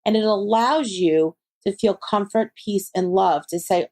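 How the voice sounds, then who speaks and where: A woman's voice: mid-range voice, measured pace, a little mellow. A woman, a psychic medium being interviewed, who talks animatedly and acts out her friends' voices as she tells stories. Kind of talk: conversational interview.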